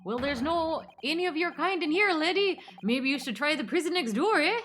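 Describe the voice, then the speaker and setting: A woman doing a rude, gruff prison governor. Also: a little high, fairly quick, a bit bright, a little hiss or hum, lightly acted. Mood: gruff, hostile. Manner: improvised wobbly put-on accent, breaking into laughter.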